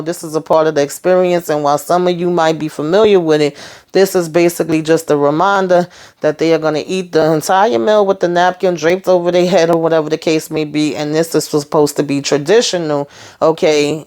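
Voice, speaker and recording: Animated woman recapping a TV episode. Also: on the low side. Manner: animated storytelling with slang and swearing. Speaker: TV recap host.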